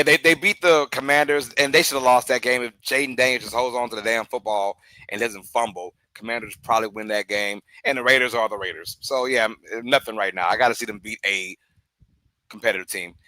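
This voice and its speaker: Excitable bright-voiced man calling a game. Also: brisk, no echo, rough recording. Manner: excitable, breaks into loud outbursts and laughter; chatty, drifts into side talk between pitches. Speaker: host of a live game watch-along stream. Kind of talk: casual live play-by-play commentary.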